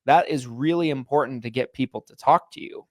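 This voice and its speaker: A man's voice: mid-range voice, fairly quick, no echo. Laid-back podcast guy, dry mic. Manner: relaxed, rambling, full of fillers. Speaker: podcast co-host. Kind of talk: casual podcast chat.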